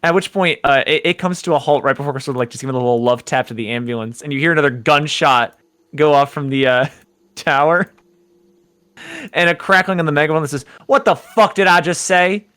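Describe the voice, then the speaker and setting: A man's voice: a little high, a little fast, a bit bright, clear, resonant tone, no echo. A man narrating a tabletop horror game as game master, laid-back and full of hesitations.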